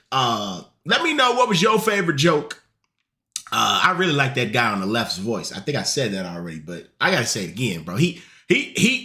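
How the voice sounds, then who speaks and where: A young man hosting a reaction video, chatting casually and laughing often in slangy speech. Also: mid-range voice. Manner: animated, laughs a lot, slangy.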